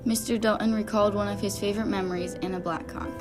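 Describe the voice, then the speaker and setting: A woman's voice: medium pitch, fast talker, music in the background. Young woman reading a script. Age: young, a student. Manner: steady reading. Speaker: student podcast narrator.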